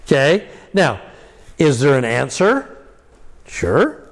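A man giving an informal scripture lesson. He talks in an animated way, chuckles often, stresses key words with rising cries, and thinks aloud with fillers. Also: medium pitch, slow pace. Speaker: scripture teacher.

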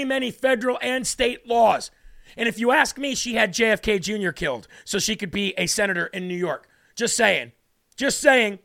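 High, gravelly-voiced male talk host. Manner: animated, sarcastic ranting. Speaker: show host. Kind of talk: opinionated political talk.

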